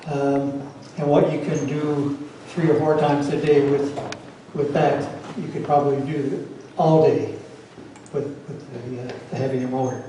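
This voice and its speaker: A man with a mid-range, mellow voice speaks in a flat, unhurried way as he presents a hands-on routing workshop demonstration to a club, answering audience questions plainly and practically. The recording comes from a very echoey room, with his voice sounding far off over faint noise.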